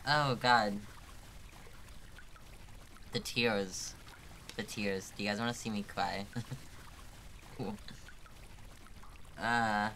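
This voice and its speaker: A man's voice: on the low side, steady tone, drawn-out words, pauses often, sharp tone, slight background noise. A man streaming a game live, thinking aloud, swearing often and laughing through his frustration. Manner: talks to chat, thinking aloud. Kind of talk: live gameplay commentary.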